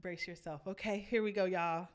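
A woman's voice: fairly low pitch, fairly even intonation, normal speed. A woman vocal coach, teaching vocal runs and singing short demonstrations between explanations. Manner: enthusiastic, breaks into sung demonstrations.

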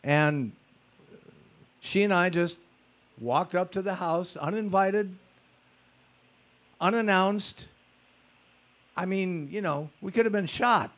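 A man telling personal stories in a lecture, conversational and animated, acting out footsteps with vocal sounds. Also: sits high, takes it slowly, long pauses. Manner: conversational, with fillers and repeated starts. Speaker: speaker recounting personal stories. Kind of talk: storytelling lecture.

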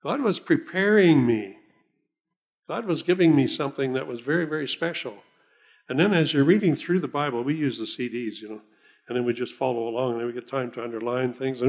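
Older man, pastor, sermon, folksy, rambling, chuckling, middle pitch. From Oklahoma. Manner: folksy, rambling, chuckles often, slows down to read scripture.

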